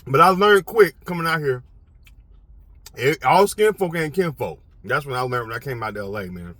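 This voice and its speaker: A man hosting his own channel, ranting to the camera in an emphatic, animated and profane way. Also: mid-range voice, moderate pace, dry recording. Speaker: channel host. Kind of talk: casual rant to camera.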